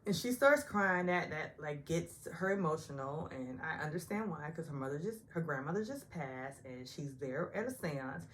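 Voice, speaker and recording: A middle-aged woman chats through a reality TV recap in a lively, swooping voice pitched on the low side. She is opinionated and talkative, slipping into high mimicking voices to quote people. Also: moderate pace, hardly any pauses. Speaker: recap vlogger.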